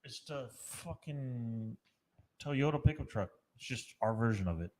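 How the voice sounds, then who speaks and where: A man co-hosting a podcast in casual chat, loud, profane and excitable. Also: mid-range voice, unhurried. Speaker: podcast co-host.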